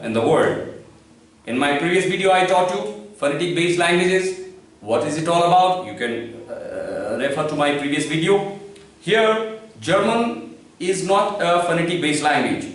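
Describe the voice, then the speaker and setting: Slow-spoken male language teacher, echoey room. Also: a little high. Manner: slow and deliberate, spelling letters and repeating words. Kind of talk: classroom-style lesson. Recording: echoey room, from far off the mic.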